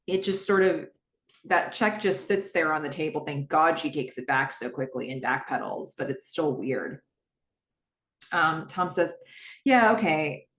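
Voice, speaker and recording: A woman talks through a TV scene in casual podcast style, chatty and full of fillers and exasperated asides. Her voice sits a little low. The recording has a noticeably roomy echo. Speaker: podcast host recapping a TV episode. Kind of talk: casual solo recap, reading out scenes.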